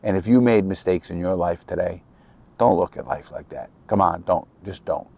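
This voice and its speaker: A man's voice: sits low, animated, normal speed, gravelly, dark tone. A man from New York City with a New York accent, talking bluntly and with a lot of swearing to the camera, outdoors at a lakeside campground. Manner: blunt, profane, rambling and earnest. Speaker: ex-criminal vlogger. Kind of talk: casual outdoor talk to camera.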